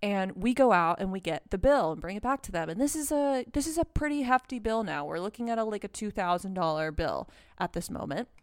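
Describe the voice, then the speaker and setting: A young woman telling a story in casual chat, animated and swearing, with lots of "like". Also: mid-range voice, brisk, few pauses. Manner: animated, swearing, heavy use of "like". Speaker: podcast co-host.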